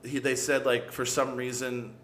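A man co-hosts a loose podcast chat in a sardonic tone, dropping swear words freely. His voice sits at a middling pitch, with a faint noise underneath. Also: flat delivery, moderate pace, a bit bright. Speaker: podcast co-host. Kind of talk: casual chat.

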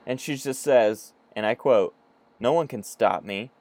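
A man's voice: medium pitch, unhurried, darkish tone. A man in his thirties chatting casually as a podcast co-host, sarcastic and profane, acting out characters as he talks. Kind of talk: casual chat.

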